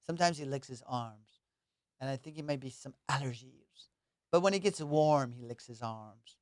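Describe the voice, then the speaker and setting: Smooth-voiced man rambling on a podcast. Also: mid-range voice, normal speed, dry recording, clean studio sound. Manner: loose, rambling, jokey. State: high on cannabis. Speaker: comedian podcast host. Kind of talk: casual solo podcast chat.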